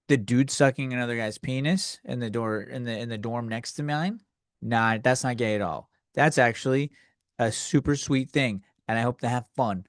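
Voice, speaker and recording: A man's voice: mid-range voice, moderate pace, fairly bright tone, dry recording, clean studio sound. A man hosting a solo comedy podcast, ranting crudely and rambling, acting out the people in his stories. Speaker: podcast host.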